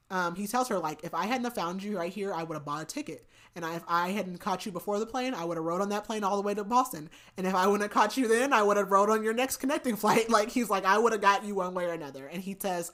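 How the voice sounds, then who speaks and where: A woman's voice: lowish voice, a bit bright. A woman co-hosting a book podcast, casually retelling a novel's plot with lots of "like" and "um". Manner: chatty retelling with many likes and ums. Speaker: podcast co-host.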